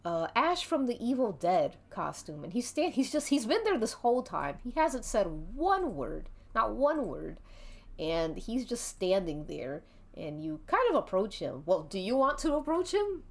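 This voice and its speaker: A woman's voice: on the high side, sing-song, unhurried. A woman narrating a tabletop-style role-play game as game master, chatty and giggly.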